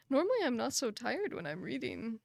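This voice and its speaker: A woman's voice: fairly high pitch, very animated, a little slow, vocal fry, no room sound. A young woman streaming live, chatting casually with her chat in a sympathetic, filler-heavy way, a little tired and out of breath. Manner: chatty, sympathetic, frequent fillers and soft laughs.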